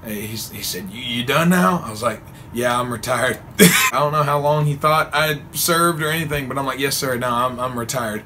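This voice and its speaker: A man's voice: mid-range voice, moderate pace, background noise. A young man telling a funny true story in a casual vlog, acting out the lines with frequent laughter. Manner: animated, laughs often, acts out quotes. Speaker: vlogger.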